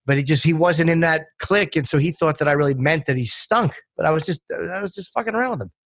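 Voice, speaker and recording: A man's voice: a little high, fast talker, fairly bright tone. A man guesting on a podcast, talking bluntly and self-deprecatingly, with plenty of swearing. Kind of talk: casual chat.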